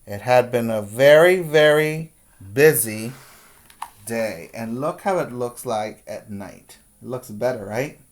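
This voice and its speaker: Male teacher reading a storybook to little kids, really slow and patient, stops to ask them stuff. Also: medium pitch. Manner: slow, patient, pointing out pictures and asking children questions. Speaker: preschool teacher. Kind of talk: reading a picture book aloud to young children.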